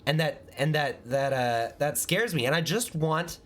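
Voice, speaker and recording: A man hosting a podcast, telling an animated, self-mocking story in casual chat. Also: a little high, unhurried. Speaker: podcast host.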